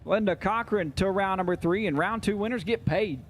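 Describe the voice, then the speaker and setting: A man calls drag races at an outdoor track in a high voice, reeling off names and numbers with quick jokes. His calls carry over the loudspeaker with faint noise behind them. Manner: rapid-fire jokey announcing. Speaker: drag racing announcer. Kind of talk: live race commentary over PA. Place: outdoor racetrack.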